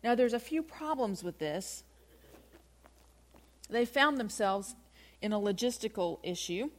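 A woman's voice: a little high, expressive, a little slow. A woman giving a conversational Bible teaching, talking through the passage and asking her listeners rhetorical questions. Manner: chatty, asks rhetorical questions.

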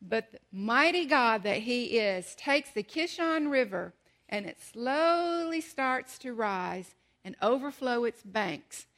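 Animated woman telling a Bible story. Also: fairly high pitch, creaky. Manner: animated storytelling, slows for emphasis, asks rhetorical questions. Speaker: Bible teacher.

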